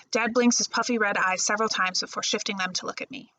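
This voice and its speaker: A woman librarian reading a first-person novel chapter aloud in a steady storytelling voice. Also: mid-range voice, a little fast, no echo, low-quality recording. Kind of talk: audiobook-style novel reading.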